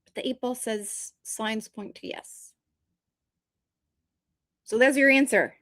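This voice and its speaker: Woman, live-stream host, unhurried rambling chat, blunt and joking, dry close mic. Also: fairly high pitch, a bit bright, no room sound.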